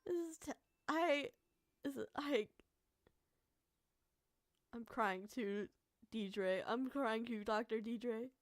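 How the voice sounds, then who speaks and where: A woman's voice: a little high, takes it slowly, pauses often, dry recording. A woman streamer reading a story game aloud, mixing narration with emotional reactions and the occasional curse. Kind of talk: reading a visual novel aloud with commentary.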